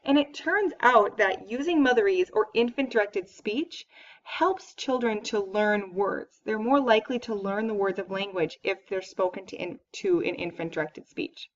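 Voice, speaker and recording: A woman's voice: mid-range voice, normal speed. Female professor, conversational lecture, picked up from afar on a muffled recording. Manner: explanatory, conversational, with fillers. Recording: dull, distant lecture recording.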